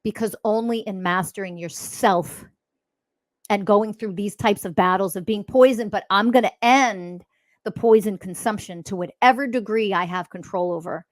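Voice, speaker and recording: A woman's voice: medium pitch, dry recording. A woman hosting a spiritual podcast, talking in a blunt, profane, mocking monologue. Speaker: podcast host.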